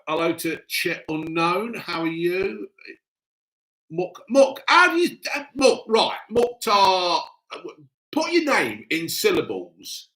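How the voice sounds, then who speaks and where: Reading chat aloud on his live stream, a man talks bluntly and gruffly in cheerfully crude, casual language. He has a high-pitched, bright, forceful voice with big pitch swings and a slow pace. The audio is poor.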